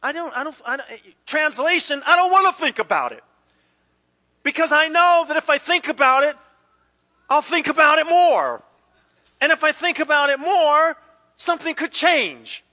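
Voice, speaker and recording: High, bright-voiced male preacher in a reverberant hall. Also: moderate pace. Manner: animated storyteller acting out quoted voices, dropping to hushed intensity. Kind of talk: sermon with personal story.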